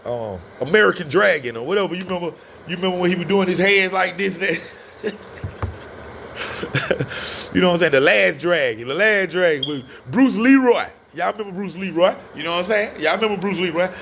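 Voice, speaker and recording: A man telling a personal story in a casual, animated way, often turning to his listeners. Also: sits high, a little fast, vocal fry, a little hiss or hum. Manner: animated, addresses listeners as y'all. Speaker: storyteller guest.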